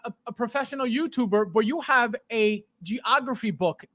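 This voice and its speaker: A man's voice: extremely high pitch, normal speed, pushed and bright, no room sound. A man hosting a casual livestream, greeting viewers by name and laughing often. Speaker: podcast host.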